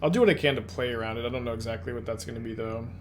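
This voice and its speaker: A man's voice: medium pitch, rapid-fire, background noise. A man playing an online card game and thinking aloud as he plays, musing, correcting himself and muttering asides.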